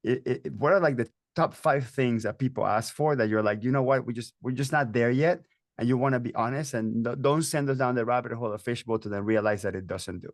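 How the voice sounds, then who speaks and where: A man's voice: mid-range voice, fairly quick, few pauses, no echo, studio quality. A man hosting a webinar interview, enthusiastic and chatty, with frequent restarts and fillers. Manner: enthusiastic, talks in bursts with many restarts and fillers. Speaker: host.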